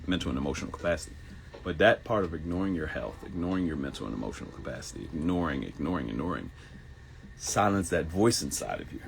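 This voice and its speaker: Man, 50s, live morning-show host. Deep gravelly voice, animated pitch, preachy and repetitive, faint room hum. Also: quick pace. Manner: preachy, repeats phrases, jumps into high mock voices for quotes. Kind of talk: motivational live-stream monologue.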